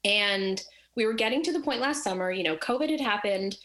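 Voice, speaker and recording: A woman telling a personal story in casual chat, animated and acting out the voices of the people in it. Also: mid-range voice, a little fast.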